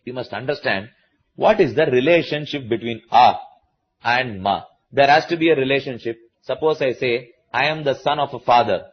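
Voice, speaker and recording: Indian English man, spiritual teacher, husky voice, dull lo-fi sound, patient repetitive explaining. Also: mid-range voice. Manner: slow, repetitive explaining to a live audience. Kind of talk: religious discourse.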